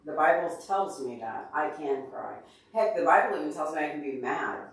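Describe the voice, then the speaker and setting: An upset, teary man talks earnestly and openly to his livestream viewers, calling them by name. His voice sits a little high for a man. He is well away from the microphone in a strongly echoing room. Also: expressive, normal speed. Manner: emotional, earnest, openly tearful. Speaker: livestream host answering chat. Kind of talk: casual livestream chat. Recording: very echoey room, far from mic.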